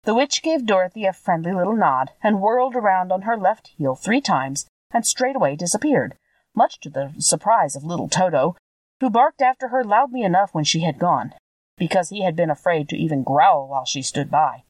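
A woman's voice: fairly low pitch, lively intonation, moderate pace, darkish tone, dry recording, distant mic. A woman narrating a classic children's story, reading expressively.

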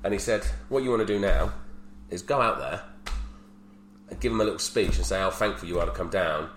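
Man, 30s, low voice, frank podcast storyteller, echoey room. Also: a little fast, fairly bright tone. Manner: candid storyteller, swears freely. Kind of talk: casual chat. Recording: roomy echo with faint hum.

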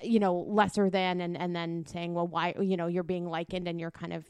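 A woman's voice: fairly low pitch, level tone, moderate pace, clear, resonant tone. A woman co-hosting a podcast, explaining points thoughtfully with many fillers. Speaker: podcast co-host. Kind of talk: casual chat.

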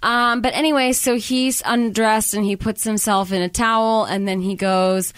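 A woman's voice: mid-range voice, steady tone, normal speed, clear, resonant tone, no room sound. A woman co-hosting a casual podcast, recapping a movie in a chatty way with lots of "um" and "like". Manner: chatty, filler-heavy, acts out quotes. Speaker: podcast co-host.

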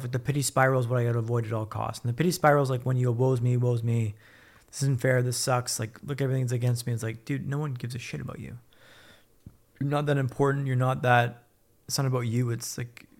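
A man's voice: mid-range voice, little pitch movement, brisk, creaky. A man telling his own story as a podcast guest, blunt and upbeat, swearing freely. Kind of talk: casual candid storytelling.

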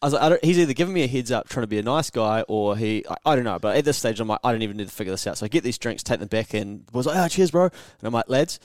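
A young man from New Zealand with a New Zealand accent, co-hosting a podcast and telling travel stories in a casual, animated way, swearing freely and acting out the voices of people he quotes. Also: fairly low pitch, very fast, hardly any pauses, dry recording, studio quality. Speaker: podcast co-host. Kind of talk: casual storytelling chat.

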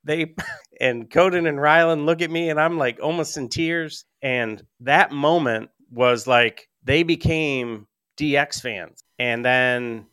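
A man's voice: on the high side, slow, fairly bright tone, smooth, no room sound. A middle-aged man chatting casually on a podcast, telling long stories with lots of fillers and restarts. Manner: rambling storyteller with frequent fillers. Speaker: podcast guest. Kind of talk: casual chat.

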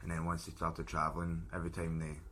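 A man's voice: low voice, monotone, fast talker, a bit bright, a little hiss or hum. A man with a Scottish accent, chatting as a podcast guest in an easygoing way and laughing often. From Scotland. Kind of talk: casual chat.

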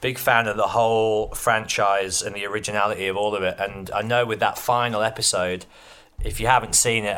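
A man hosting a casual interview, asking measured, articulate questions. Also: fairly low pitch, a bit bright. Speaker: podcast host.

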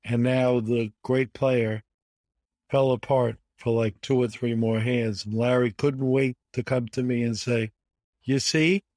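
A man in his seventies from the United States, a guest telling animated stories with emphatic repetition in an interview. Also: mid-range voice, measured pace, dry recording. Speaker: guest, bridge champion. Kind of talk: conversational storytelling interview.

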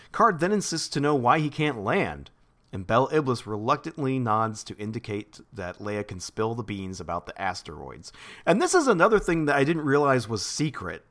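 A man's voice: lowish voice, fairly bright tone. A man co-hosting a podcast, recapping chapters in a rambling, laughing chat. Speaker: podcast co-host.

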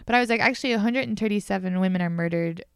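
A woman's voice: medium pitch, racing, vocal fry, clean tone, no room sound, studio quality. A woman hosting a podcast, chatting in a rambling, casual way with lots of fillers. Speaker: podcast host. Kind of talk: casual chat.

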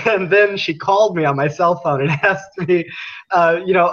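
A man's voice: high-pitched, moderate pace, a bit bright. A young man, a guest on a talk show, telling his story earnestly and laughing often. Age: young adult. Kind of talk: casual interview. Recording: muffled lo-fi line.

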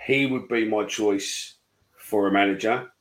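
A man's voice: lowish voice, steady tone, unhurried, poor audio. A man co-hosting a casual football chat show, blunt and sweary. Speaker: podcast co-host.

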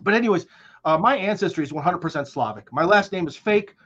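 Brief: American male guest, higher-than-average voice, rambling slang-heavy storyteller, muffled lo-fi capture. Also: expressive, fast talker, fairly bright tone, breathy edge. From United States. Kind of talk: casual conversational storytelling.

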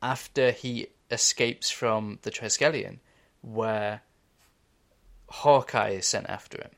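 Animated young man chatting about films. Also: on the low side, slow pace, vocal fry. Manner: enthusiastic, swears casually, laughs often. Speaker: podcast co-host. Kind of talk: casual chat.

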